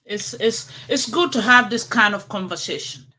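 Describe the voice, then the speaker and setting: Bright-voiced woman host, reassuring. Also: mid-range voice, normal speed. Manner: soft, reassuring, thanking the guest. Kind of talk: interview hosting.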